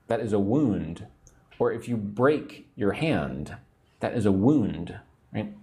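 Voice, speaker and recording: Slow-speaking man teaching English. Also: mid-range voice, warm tone. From United States. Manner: slow, patient, repeats phrases for learners. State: sleepy, yawning. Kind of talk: livestream English lesson.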